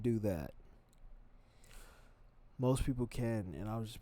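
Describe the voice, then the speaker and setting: A man giving loose, profane reaction commentary on videos, rambling and swinging between loud bursts and mutters. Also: fairly low pitch, expressive, takes it slowly, long pauses.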